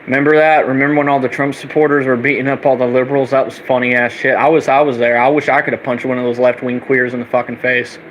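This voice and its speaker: A young man in an angry, profane rant that circles back on the same insults. His voice sits at an ordinary middle pitch, with a faint air-conditioner hum in the background. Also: little pitch movement, quick pace, hardly any pauses, a bit bright, low-quality recording. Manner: heated, profane, repetitive ranting. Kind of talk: angry political rant vlog.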